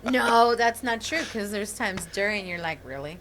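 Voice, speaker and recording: A woman's voice: mid-range voice, expressive, normal speed, fairly bright tone, slight background noise. A woman co-hosting a podcast in casual chat, joking bawdily and laughing often. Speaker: podcast co-host.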